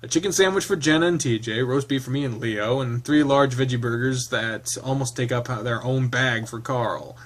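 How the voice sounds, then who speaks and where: A man's voice: medium pitch, moderate pace, few pauses. A man reading a visual novel aloud and commenting on it casually, laughing and rambling into asides. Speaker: game streamer.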